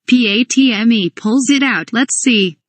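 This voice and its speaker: A woman's voice: a little high, measured pace. A woman reading a comedic parody script aloud. She reads stage directions and dialogue and spells some words out letter by letter.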